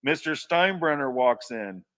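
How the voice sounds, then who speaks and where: A man spins a long personal yarn with a bright, edgy tone. He restarts often and drifts into asides. His voice sounds a little distant from the microphone. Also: medium pitch, lively intonation, measured pace. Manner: rambling anecdotal telling with many restarts. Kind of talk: casual storytelling.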